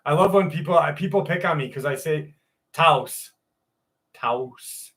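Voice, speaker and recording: A man's voice: on the high side, measured pace, fairly bright tone. A man hosting a live stream, chatting casually with viewers by name, swearing freely, and reading out a story.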